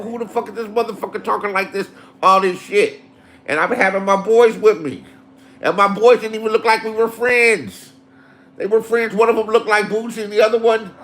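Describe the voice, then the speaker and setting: A middle-aged man spins stories from his youth, swearing freely and getting animated. His voice sits a little high for a man. He sounds like he is talking casually with friends. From Inglewood, Los Angeles. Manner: profane, animated street storytelling. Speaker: host telling stories. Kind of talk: casual storytelling.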